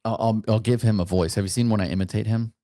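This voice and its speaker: A man's voice: fairly low pitch, fairly even intonation, fast, mellow, no room sound, clean studio sound. A man who is a soldier, chatting as a podcast guest, hesitant with many fillers. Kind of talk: casual interview chat.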